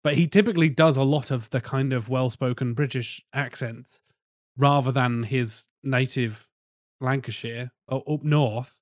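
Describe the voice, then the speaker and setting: Man, podcast co-host, rambling, casual swearing, middle pitch, dry close sound. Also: a little slow, dry recording. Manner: rambling, swears casually, often trails off quietly. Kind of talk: casual film chat.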